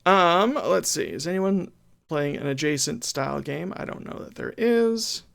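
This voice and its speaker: Man, gravelly, slightly high voice, casual playful stream chat. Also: big pitch swings, measured pace, a bit bright. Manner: chatty and playful, reads game text with mock drama. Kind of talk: casual game stream chat, reading game text aloud.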